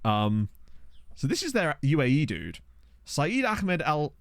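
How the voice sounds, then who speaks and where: A man's voice: takes it slowly, no room sound, clean studio sound. A man casually commentating a football management game on a stream, thinking aloud with a chatty manner. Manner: chatty, thinking aloud, animated pitch swings. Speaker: gaming streamer. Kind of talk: casual let's-play commentary. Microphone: desk microphone.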